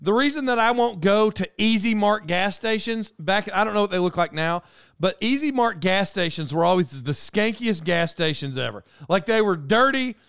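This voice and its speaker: A man's voice: high voice, animated, normal speed, fairly bright tone, clear, resonant tone, dry recording, studio quality. A man hosting a podcast, rambling through a digressive solo monologue and getting worked up over small things. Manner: digressive and self-interrupting, ranting. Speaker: podcast host.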